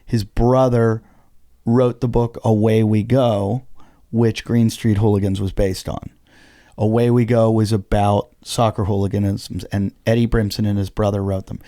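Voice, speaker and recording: A man who is a comedian, telling a story on a podcast in an animated way and swearing freely. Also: lowish voice, moderate pace, no room sound, clean studio sound. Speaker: comedian guest. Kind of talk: casual podcast chat.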